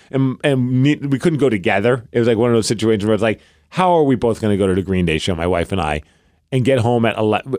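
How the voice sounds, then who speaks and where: A man's voice: fairly low pitch, darkish tone, no echo, clean studio sound. A man in his thirties co-hosting a podcast, telling rambling, self-deprecating stories in casual chat. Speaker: podcast co-host.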